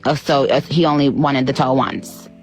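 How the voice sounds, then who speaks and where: A woman's voice: a bass voice, steady tone, normal speed, a little mellow, soft background music, poor audio. A woman interviewing someone with blunt, incredulous questions. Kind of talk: probing interview.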